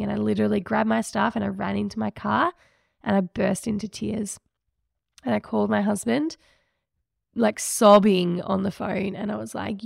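A woman's voice: mid-range voice, fairly even intonation, a little fast, gravelly, no room sound, clean studio sound. A woman hosting a podcast, candidly and emotionally recounting a personal experience in a reflective way. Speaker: podcast host.

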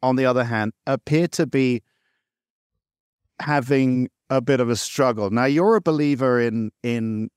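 A man's voice: mid-range voice, unhurried, clean tone, no echo, studio quality. A man hosting a football talk show, teasing his pundits and moving the chat along with questions. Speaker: show host. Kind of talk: casual studio chat.

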